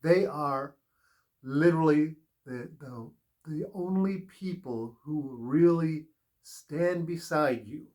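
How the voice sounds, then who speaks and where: A man's voice: a little high, a little mellow. A man giving a spiritual tarot reading in an earnest, rambling, advice-giving way, drifting into personal stories. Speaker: tarot reader.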